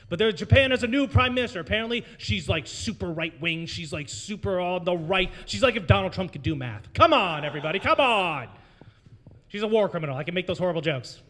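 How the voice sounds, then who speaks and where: A young American man hosts an open mic in a brewery taproom, doing stand-up into a handheld mic. His voice sits high and sounds bright and ringing. He rambles, mocks himself and keeps pulling the crowd into the bit. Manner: rambling, crowd-working, self-mocking. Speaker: open mic host and comedian. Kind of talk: stand-up comedy set.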